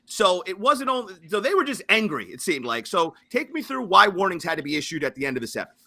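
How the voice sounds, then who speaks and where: A man hosting a podcast, recapping events and asking measured, probing questions. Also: high-pitched, very animated, sharp tone. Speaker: podcast host. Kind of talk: interview questions.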